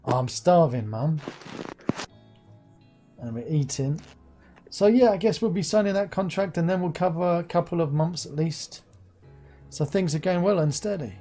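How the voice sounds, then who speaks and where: A woman voicing a stressed young man who worries about his partner. He talks low and weary, half muttering, with a dark, husky tone. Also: normal speed, pauses often, faint music behind, natural voice. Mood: upbeat.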